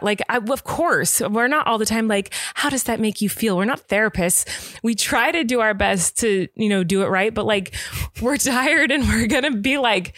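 A young adult woman co-hosting a podcast, talking at length in a chatty, animated way about parenting. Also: medium pitch, no echo, clean studio sound. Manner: talkative, animated, quick asides. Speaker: podcast co-host. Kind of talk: casual chat.

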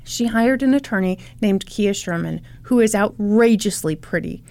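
A woman hosting a podcast, excitedly retelling a true crime case in casual chat, giggling often and swearing freely. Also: medium pitch, normal speed.

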